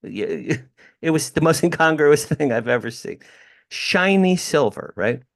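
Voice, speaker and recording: A man's voice: a little high, unhurried, creaky. A man in his sixties from New Jersey, a podcast guest telling an emphatic story from his home over a video call. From New Jersey, USA. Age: 60s. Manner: animated, emphatic storyteller who addresses the host by name. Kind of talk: storytelling in an interview. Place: home room with drums.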